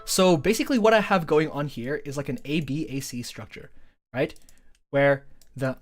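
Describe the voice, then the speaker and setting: Over music, a songwriter with a very deep voice talks fairly quickly as she walks viewers through her song on a casual stream. She sounds eager, fills her speech with "like" and "um," and hums bits of the tune, singing vowel shapes to illustrate.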